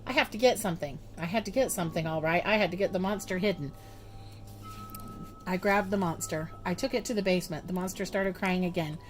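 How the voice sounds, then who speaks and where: A woman reading a children's storybook aloud in an expressive, measured way. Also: on the low side, soft background music. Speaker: storybook reader. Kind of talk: children's book read-aloud.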